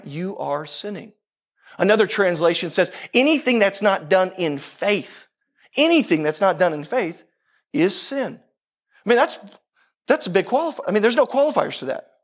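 A middle-aged man preaching a sermon as pastor, intense and emphatic, firing off rhetorical questions to the congregation. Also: high voice.

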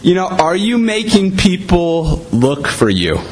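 A man's voice: high-pitched, sing-song, a little slow, darkish tone, soft background music, rough recording. A man preaching a sermon in a conversational way, often saying "you know".

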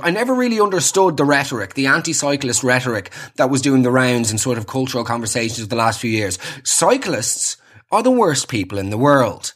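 A man's voice: on the high side, a bit bright, breathy edge. An Irish man delivering a sarcastic, exasperated comedic rant, slipping into mocking voices.

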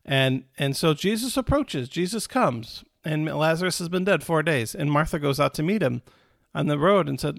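A man with a somewhat high, gravelly voice gives a sermon as an informal Bible teaching. He puts stories into everyday words and often restarts or repeats phrases as he goes. The recording is dry and close. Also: animated, moderate pace, no echo. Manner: retells scripture in plain words, with restarts and repetition; acts out quoted characters with a raised voice. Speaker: preacher.

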